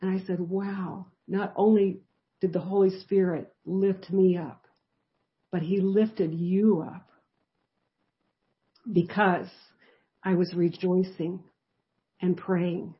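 A woman's voice: on the low side, slow pace, long pauses, lo-fi sound. A woman teaching a live Bible study, telling a personal testimony in a conversational, storytelling way. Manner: conversational storytelling, lively shifts in loudness.

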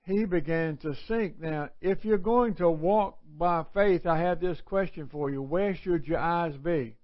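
A man teaching a live Bible study in a folksy, conversational preaching manner, with sudden loud cries. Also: on the high side, unhurried. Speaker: pastor. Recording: dull, lo-fi livestream audio.

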